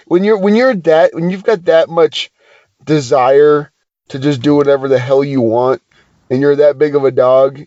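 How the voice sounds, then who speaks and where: Higher-voiced man in casual chat. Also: a little slow, dry recording. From Southern California. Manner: laughs often, relaxed and chatty. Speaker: podcast co-host. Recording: dry, dull lo-fi podcast audio.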